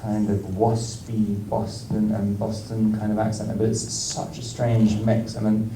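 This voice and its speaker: An English actor in casual stage talk at a film Q&A, hesitant, with many ums and frequent laughs. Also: male voice, on the low side, monotone, a little slow, distant mic. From England. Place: large screening hall with audience. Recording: echoey hall, mic from afar, noise.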